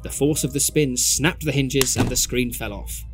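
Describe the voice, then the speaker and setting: A man with a mid-pitched voice reads a comedy fan-fiction story aloud for a podcast. His delivery is playful, and he breaks off to laugh at his own puns. Faint music sits quietly behind him. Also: steady tone, normal speed. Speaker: podcast co-host.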